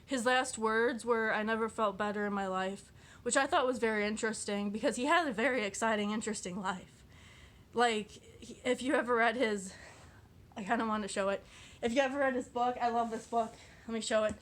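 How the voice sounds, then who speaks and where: A woman's voice: a little high, a bit bright. A woman vlogging casually, reading quotes aloud and reacting to them in a rambling, chatty way, full of fillers and restarts, often giggling at herself. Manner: giggly and self-deprecating.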